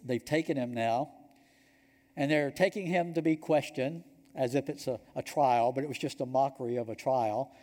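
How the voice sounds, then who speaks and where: A Georgia-accented pastor preaching in a church sanctuary, his voice warm and mellow. He tells the story earnestly and sinks to a soft hush on the points that matter. A long hall reverb hangs on each phrase. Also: mid-range voice, moderate pace. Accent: Georgia, US Southern. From Georgia, United States. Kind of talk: sermon.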